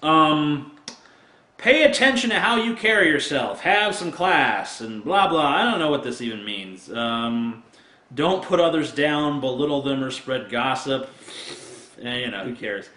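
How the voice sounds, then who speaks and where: A man's voice: mid-range voice, expressive, measured pace, pushed and bright, reverberant. A man ranting crudely and sarcastically to camera in a casual video, laughing at his own jokes. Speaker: video blogger. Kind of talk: profane comic rant to camera.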